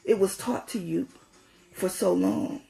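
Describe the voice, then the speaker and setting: A woman's voice: on the low side, a little slow, vocal fry, mellow, soft background music. A woman giving an impassioned spiritual talk, emphatic and preachy, repeating phrases for stress.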